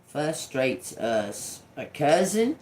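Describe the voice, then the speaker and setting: A man's voice: a little high, sing-song, very slow, a little mellow, a little hiss or hum. A man doing a casual tarot reading, rambling and cursing, often repeating single words as they come to him. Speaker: tarot reader.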